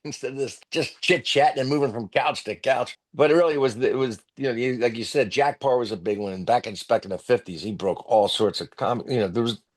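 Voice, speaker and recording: A man, a comedian guest telling lively stories on a podcast and acting out other people's loud voices. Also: lowish voice. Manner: animated storyteller, acts out loud voices of others. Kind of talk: storytelling podcast interview.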